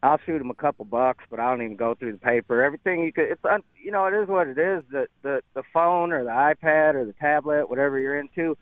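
A man's voice: on the high side, fast talker, few pauses, no echo. A man calling in to a radio show, talking in a rambling, folksy way with many fillers. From lives in Lubbock, Texas. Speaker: caller. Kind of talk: phone-in conversation. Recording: tinny phone line.

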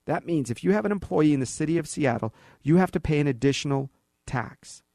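Gravelly, sarcastic talk radio man. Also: fairly high pitch, a little fast, dry recording, studio quality. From California. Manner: animated, sarcastic, acts out dialogue. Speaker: radio show host. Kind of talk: opinionated talk radio monologue. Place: radio studio.

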